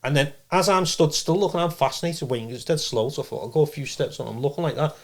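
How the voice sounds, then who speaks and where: A man with a fairly high voice speaks quickly as a trance medium guest in a casual interview. He tells a rambling personal story with animated energy, acting out the quotes.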